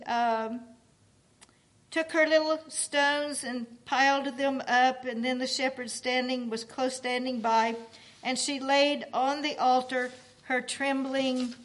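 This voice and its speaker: A woman with a high voice reads a story aloud at a church service. She paraphrases as she goes, in an unhurried, earnest tone. Her delivery is slow and measured. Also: a bit bright. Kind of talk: reading a book aloud with paraphrase.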